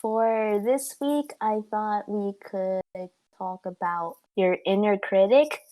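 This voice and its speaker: A woman co-hosting a casual podcast, giving calm, measured advice. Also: mid-range voice, dry recording, poor audio. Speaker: podcast co-host.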